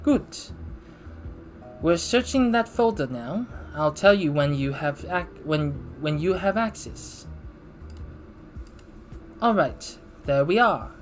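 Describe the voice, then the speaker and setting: A man's voice: fairly high pitch, animated, slow, pauses often, soft background music, pitched above the performer's own voice. A man voicing a tough female mercenary contact with a put-on Russian-like accent, reading game dialogue aloud in a clipped, businesslike way.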